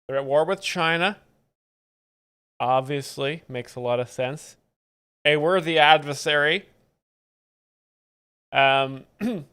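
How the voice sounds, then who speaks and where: A man hosting a live comedy stream, giving casual, sardonic, deadpan commentary. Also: a little high, smooth.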